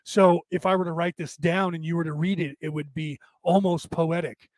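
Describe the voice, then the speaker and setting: An older man talks into a close, dry mic. His worn voice sits a little high for a man, and he rambles on with restarts and asides. He sounds tired after hours of talking. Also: fairly even intonation, normal speed, darkish tone, no echo. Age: older, with graying hair. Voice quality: says his voice is damaged but penetrating. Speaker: podcast host. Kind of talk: casual monologue.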